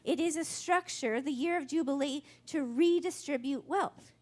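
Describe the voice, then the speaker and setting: A woman's voice: high voice, moderate pace. A woman giving a sermon in a conversational, wry storytelling way. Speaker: pastor.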